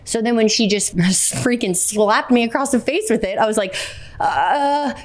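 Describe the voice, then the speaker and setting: A young adult woman co-hosts a podcast in casual chat, her pitch fairly high and her speed normal. She tells stories with animation and acts out what people said.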